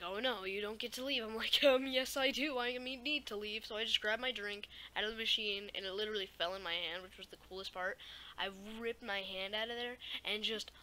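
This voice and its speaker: A woman's voice: mid-range voice, rough recording. Teen girl rambling through a storytime vlog. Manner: rambling, animated, fillers like "like" and "right?". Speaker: YouTuber.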